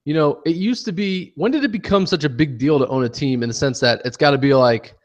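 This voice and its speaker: A man co-hosting a sports podcast, sarcastic and quick to swear. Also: fairly high pitch. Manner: sarcastic, profane. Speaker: podcast co-host. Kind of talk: casual sports talk.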